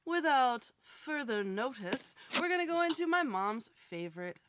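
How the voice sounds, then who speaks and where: A young woman hosting a live online chat show, talking casually and animatedly, quick to laugh. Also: high voice, very animated, fairly bright tone, slight background noise. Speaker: host.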